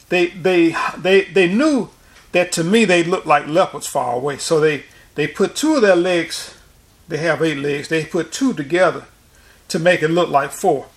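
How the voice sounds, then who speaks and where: A man preaching informally and recounting a dream, rambling with frequent restarts and repeated words. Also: fairly high pitch. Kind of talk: informal sermon and dream testimony.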